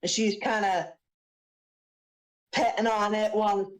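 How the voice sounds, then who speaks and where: A woman's voice: mid-range voice, steady tone, poor audio. A woman playing in a tabletop game, chatty and playful. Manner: chatty, playful, quick to laugh. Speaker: player.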